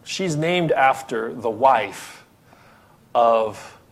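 A man's voice: mid-range voice, animated, very slow, vocal fry. A man from the Philippines, preaching a sermon as pastor, emphatic and full of rhetorical questions.

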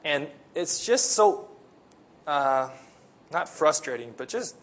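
A man's voice: on the high side, sing-song, slow, fairly bright tone. A man from the Philippines, preaching a sermon in an earnest, conversational way. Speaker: pastor.

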